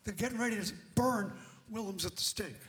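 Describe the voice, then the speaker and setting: A man preaching a sermon through an interpreter. He tells the story emphatically and builds to shouts. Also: high voice, a little fast.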